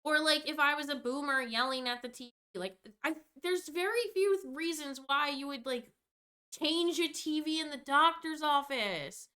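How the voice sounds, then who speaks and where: High, bright young woman ranting. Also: normal speed. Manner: exasperated, rambling, swears freely. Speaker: vlogger. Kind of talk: storytime rant.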